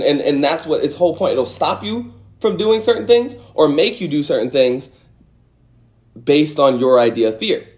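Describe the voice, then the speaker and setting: A man's voice: on the high side, a little mellow. A man hosting a livestream, giving a casual motivational talk and acting out angry and scared voices with some swearing. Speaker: host.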